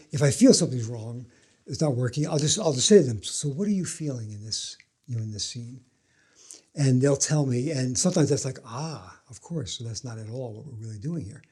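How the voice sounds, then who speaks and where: Husky, mellow-voiced male film director. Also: medium pitch. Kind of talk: reflective interview answer.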